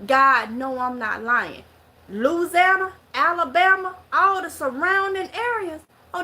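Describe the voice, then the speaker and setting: A woman's voice: sits high, pushed and bright. A middle-aged woman from Mississippi with a strong Mississippi Southern accent, talking casually to camera and telling a story in rural Southern dialect. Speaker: vlogger.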